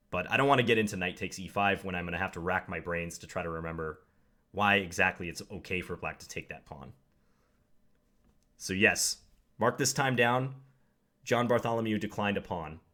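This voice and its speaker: A young man with a deep yet fairly bright voice commentates live on his own chess game. He thinks aloud, adding wry, self-deprecating asides.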